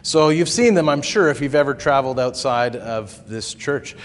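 A man's voice: mid-range voice, moderate pace, a little hiss or hum. A man preaching a sermon as pastor, conversational, with asides and small chuckles. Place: church sanctuary. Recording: long reverb of a hall.

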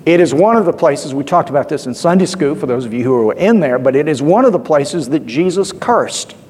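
A man's voice: fairly high pitch, expressive, brisk, darkish tone, slight background noise. A male pastor giving a sermon in a conversational, storytelling way, with asides and filler words. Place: church. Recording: long church reverb.

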